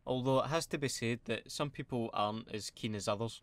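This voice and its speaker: A man's voice: mid-range voice, expressive, a little fast, few pauses, no room sound. A young man with a Scottish accent, hosting a comedic vlog in a sardonic, self-mocking, profane way. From Scotland. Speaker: YouTuber.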